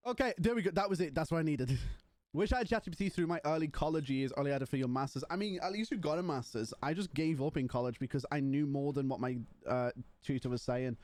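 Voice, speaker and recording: A man's voice: a little high, quick pace, hardly any pauses, a little mellow, dry recording. A young man streaming live and chatting casually with his viewers, rambling and joking with some swearing.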